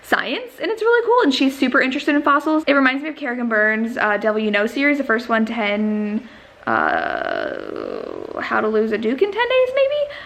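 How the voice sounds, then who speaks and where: A woman's voice: a little high, wildly swooping pitch, normal speed, gravelly, fairly bright tone. A young woman chatting casually in a book vlog, gushing and rambling with many fillers. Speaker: book vlogger.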